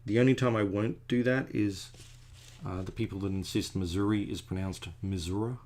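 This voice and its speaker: A middle-aged artist chats casually while working on a drawing, rambling off on tangents and often poking fun at himself. His voice is on the low side with a darkish tone, and he talks at a normal speed.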